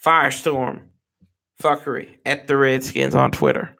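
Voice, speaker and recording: A man's voice: mid-range voice, fairly even intonation, a little slow, gravelly, pushed and bright. A man hosting a sports fan show, ranting with fired-up, profane energy and talking to viewers as y'all. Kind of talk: live-stream rant.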